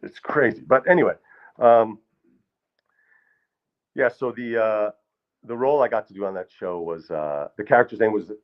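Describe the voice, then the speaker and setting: A male comedian and actor telling stories on a live stage, rambling with deadpan asides, in a muffled live stage recording. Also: fairly low pitch, normal speed, long pauses. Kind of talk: stand-up storytelling. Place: live stage in a small hall.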